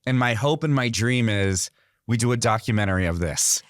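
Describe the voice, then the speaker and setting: A man from Iran, a guest artist on an interview show, telling stories in an earnest, animated way. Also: mid-range voice, normal speed, no echo, clean studio sound. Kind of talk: interview, storytelling.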